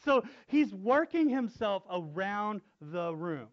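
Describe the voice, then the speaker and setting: Animated, high-voiced man laughing through a story. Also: slow pace. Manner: animated, laughs often while telling. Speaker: youth pastor telling a story. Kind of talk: casual storytelling. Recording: dull lo-fi sound.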